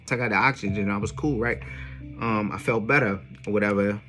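A man speaks straight to his viewers in a loose, slangy monologue, swearing freely and punching key moments with emphasis. His tone is bright and forceful, with faint music sitting low behind him. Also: brisk. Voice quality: streetwise slang with frequent "yo" and profanity. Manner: animated, emphatic retelling. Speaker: songwriter vlogger. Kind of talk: casual storytelling monologue.

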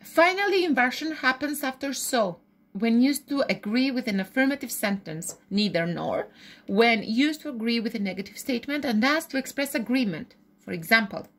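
A woman teaching English grammar. Her voice sits slightly high, and she explains step by step. She keeps checking with "okay?" and restarts her sentences as she goes. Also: expressive, normal speed. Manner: frequent restarts and self-corrections. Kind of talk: grammar lesson.

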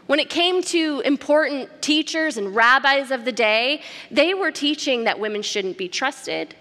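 A woman preaching a sermon in a conversational, animated storytelling manner, often turning to the congregation with questions. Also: high voice, unhurried. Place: church sanctuary. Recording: long church hall reverb.

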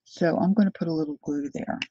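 A middle-aged woman hosting a crafting livestream, chatting warmly to viewers while she works. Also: on the low side, quick pace, slightly rough, no room sound, lo-fi sound.

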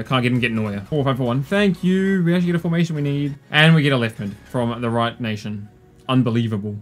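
A young man giving casual gameplay commentary, sarcastic and exasperated, breaking into excited yelps. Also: mid-range voice, fast, faint music behind. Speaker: gaming YouTuber.

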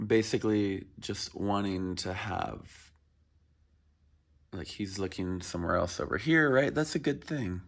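A man at home calmly explaining how he introduces his dog to his cat, often checking in with "right?" as he coaches. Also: fairly low pitch, measured pace, vocal fry, breathy edge. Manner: soft-spoken, frequently adds "right?" while coaching pets. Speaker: dog owner training his dog. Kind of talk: casual explanatory vlog. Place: home indoors with pets.

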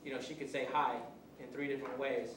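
A man's voice: medium pitch, little pitch movement, fast talker, fairly bright tone, slight background noise. Man lecturing from far in an echoey room. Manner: rambling, conversational, full of restarts and acted-out examples. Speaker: police officer teaching a workshop. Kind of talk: informal classroom lecture. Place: college classroom.

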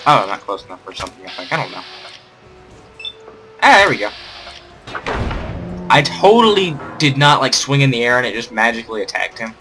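Goofy, animated young man gaming. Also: mid-range voice, fairly quick, pauses often, faint music behind. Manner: goofy and sarcastic, rambling, jokes at the screen. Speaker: gamer doing a let's play. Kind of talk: playful game commentary.

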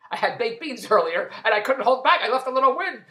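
A man's voice: very high voice, sing-song, sharp tone. Joke-cracking middle-aged man, echoey room. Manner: rapid-fire old-school joke telling, repeating punchlines. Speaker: husband sending a birthday message. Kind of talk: comic birthday monologue of one-liner jokes.

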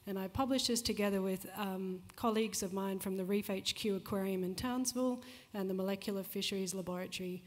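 A woman with a mid-range voice opens her lecture in a measured, orderly way. Her voice rings out with a long hall reverb. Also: medium pitch, fairly even intonation. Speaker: shark researcher and speaker. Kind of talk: prepared public lecture.

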